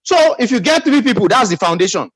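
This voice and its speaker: Emphatic Nigerian man, lively high voice. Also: fast, dry recording, poor audio. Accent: Nigerian English. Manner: emphatic, calls for audience responses. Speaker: business team leader. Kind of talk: motivational pep talk.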